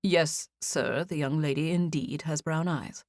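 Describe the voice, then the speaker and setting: A polite young hotel clerk with a British accent, voiced by a woman reading an audiobook. He speaks in a measured, formal, professional way. The voice sits fairly low and sounds dry and close. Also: a little mellow, no echo.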